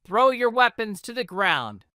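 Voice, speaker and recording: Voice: mid-range voice, very animated, unhurried, sharp tone, smooth, no echo, studio quality, pitched above the performer's own voice. A reader voicing a stern prince who scolds the city's leaders, in a storybook reading for English learners. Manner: commanding, scolding. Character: stern commanding prince, ruler of the city.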